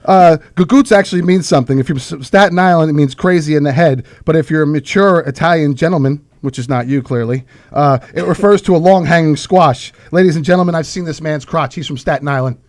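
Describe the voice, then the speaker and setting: A man's voice: on the high side, brisk, few pauses, a little mellow, no room sound, clean studio sound. A man with an Irish accent, a comedian trading roast insults with a joking, stumbling delivery. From Ireland. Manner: joking, stumbles over words. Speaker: comedian guest.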